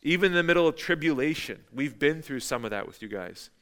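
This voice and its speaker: Bright, clear-voiced male pastor preaching. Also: on the high side, expressive, fairly quick. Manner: conversational, emphatic, repeats phrases. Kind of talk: sermon.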